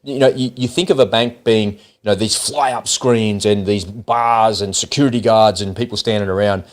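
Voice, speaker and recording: A man's voice: on the low side, moderate pace. A middle-aged Australian man in a casual podcast chat, telling stories and acting out the people in them. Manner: animated storyteller who acts out quoted people.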